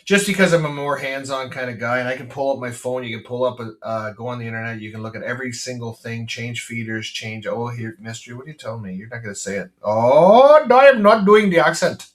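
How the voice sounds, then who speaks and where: A man's voice: mid-range voice, steady tone, fast talker, hardly any pauses, fairly bright tone, recorded from a distance. A Canadian man, a farmer hosting his podcast, talking in a blunt, rambling way with lots of fillers and restarts. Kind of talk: casual rambling monologue. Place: farm.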